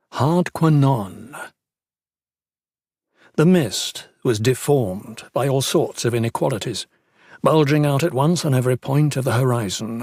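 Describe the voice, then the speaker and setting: Gravelly male audiobook narrator. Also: mid-range voice, a little mellow, dry recording, studio quality. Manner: measured, dramatic storytelling. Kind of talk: scripted narration.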